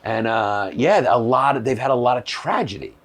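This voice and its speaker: A man's voice: medium pitch, animated, moderate pace. A male comedian in casual chat, telling stories in a laid-back, rambling way. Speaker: comedian guest. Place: small shed.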